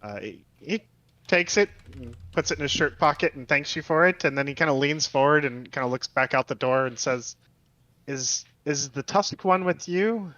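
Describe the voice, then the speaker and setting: A man narrating as game master of a tabletop game, halting with many fillers and restarts. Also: mid-range voice, pushed and bright, dry recording, muffled recording.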